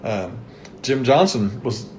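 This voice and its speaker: A man with a Kentucky accent hosts a relaxed sports history interview. He chats along in a mid-range voice, piling up scores and yardage. A faint hum sits under the talk. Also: medium pitch, slow pace. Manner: chatty, reels off season statistics. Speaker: host interviewing a former coach.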